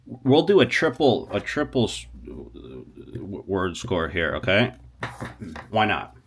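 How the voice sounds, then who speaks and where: A man teaching a casual language lesson, animated, talking straight to viewers and often stopping to restart. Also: on the low side, slow, slight background noise. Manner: animated, talks to viewers, stops and restarts a lot. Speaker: Spanish teacher.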